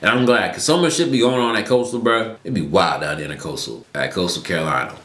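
A young man from Atlanta telling a story to camera in a casual, slangy, profane way, his voice jumping between loud and low. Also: fast. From Atlanta, Georgia, US. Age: young adult. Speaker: YouTuber. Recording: echoey room.

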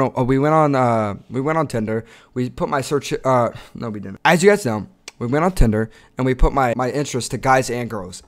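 A young man talks straight to his viewers in loose, crude banter full of slang. His voice sits at an ordinary middle pitch and keeps jumping into hyped, yelling bursts. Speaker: content creator. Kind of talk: casual vlog commentary.

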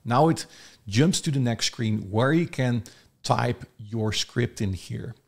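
A man reviews software, walking through it step by step. He sounds excited and speaks at mid pitch, with a slightly gravelly edge to his voice. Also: slow pace. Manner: enthusiastic, demonstrating step by step. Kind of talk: screen-recorded product review.

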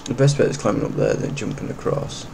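A man commentating while playing a video game, swearing and yelling at it. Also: quick pace, background noise. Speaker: gamer. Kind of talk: let's play commentary.

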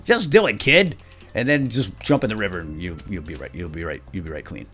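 A young man hosting a casual let's play, goofing around and jumping between squeaky put-on voices and low mumbles. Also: animated, fairly quick, fairly bright tone, soft background music. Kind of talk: casual gameplay commentary.

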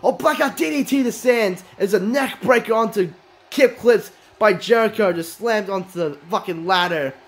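High-voiced, excitable male commentator. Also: normal speed. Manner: excitable, swearing, shouting at big moves. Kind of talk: excited play-by-play commentary of a wrestling video game match.

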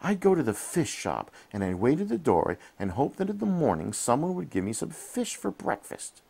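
A man's voice: big pitch swings, moderate pace, vocal fry, darkish tone, breathy edge, full character voice. A man voicing a remorseful young female cat in a bedtime storybook, speaking in a raised, emotional voice. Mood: distressed. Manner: high, emotional, pleading.

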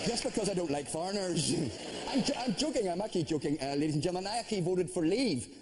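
A man's voice: high voice, fast, a loud crowd. A man hosting a comedy panel show, reading a teasing comic monologue with punchlines. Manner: lively, teasing delivery with punchlines.

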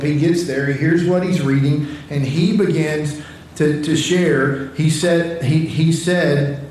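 A man's voice: on the high side, darkish tone, a little hiss or hum. A man preaching a sermon in a conversational, storytelling way, often repeating words as he starts a thought, recorded in a church hall. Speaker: pastor. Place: church sanctuary. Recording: very echoey church hall, from far off.

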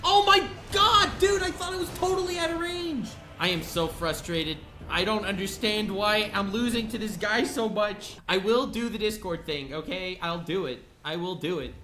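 A man's voice: high-pitched, normal speed, few pauses. Young man raging over a boss fight. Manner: swings between mock-calm taunts and frustrated outbursts, talks to chat. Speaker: gaming video creator. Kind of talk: live gameplay commentary.

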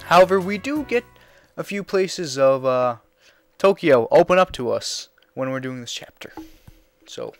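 A man's voice: medium pitch, expressive, unhurried, soft background music. A man giving casual, rambling let's play commentary, swearing freely and reading game dialogue aloud.

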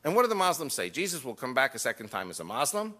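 Animated, bright-voiced male lecturer. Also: medium pitch, fast. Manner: animated, emphatic, with wry jokes. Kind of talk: lecture to a live audience.

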